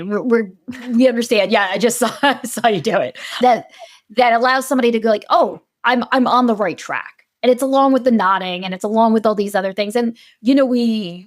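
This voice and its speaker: A woman's voice: medium pitch, dry recording, clean studio sound. A woman researcher talking animatedly as a podcast guest, often acting out the voices she quotes. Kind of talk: conversational podcast interview.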